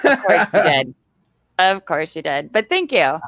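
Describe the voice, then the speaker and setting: A woman's voice: on the low side, very animated, moderate pace, fairly bright tone. A woman hosting a livestream, chatting easily and thanking viewers. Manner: easygoing, laughing, thanks viewers. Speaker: streamer host. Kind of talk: casual livestream chat.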